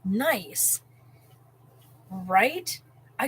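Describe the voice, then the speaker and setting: A woman vlogger telling a story in a rambling, animated way, full of "like" and restarts, while cooking at home. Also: mid-range voice, normal speed, breathy edge, poor audio. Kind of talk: casual storytelling.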